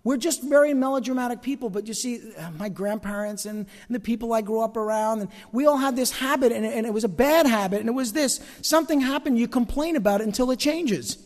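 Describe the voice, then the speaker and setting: A man's voice: extremely high pitch, quick pace, few pauses. A middle-aged male pastor preaching a sermon to a congregation with humor and self-mockery, acting out everyday complaints as he goes. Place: church sanctuary. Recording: reverberant church hall.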